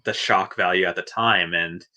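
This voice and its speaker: A man with a lowish but bright, forward voice chats loosely about films and TV on a livestream. He rambles, restarts sentences and laughs between points. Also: steady tone, normal speed. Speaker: podcast co-host. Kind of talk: casual livestream chat.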